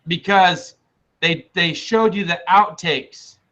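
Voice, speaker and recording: A man in casual podcast chat, telling stories excitedly with lots of swearing and laughter. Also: sits high, takes it slowly. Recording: slightly dull lo-fi sound.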